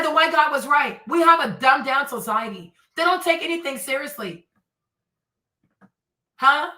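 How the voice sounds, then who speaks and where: A woman's voice: sits high, pushed and bright, reverberant, recorded from a distance, low-quality recording. A woman hosting a commentary stream, ranting in an indignant, preachy way and repeating herself for emphasis. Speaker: commentary host.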